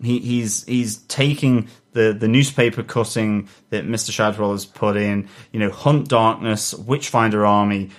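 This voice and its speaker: A man co-hosting a casual podcast, talking haltingly with many fillers and restarts. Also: lowish voice, fairly even intonation. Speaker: podcast co-host.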